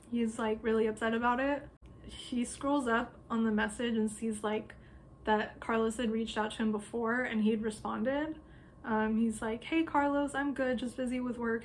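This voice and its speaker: A woman's voice: a little high, slight background noise. A woman astrologer casually retelling a memoir, talking loosely with lots of "um" and "like" fillers. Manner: loose, filler-heavy talk with frequent "um" and "like".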